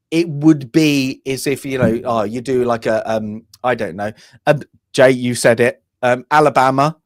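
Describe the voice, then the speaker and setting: A man's voice: medium pitch, a little slow, no room sound, clean studio sound. A young man co-hosting a casual film review chat, opinionated and rambling with many restarts. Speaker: podcast co-host.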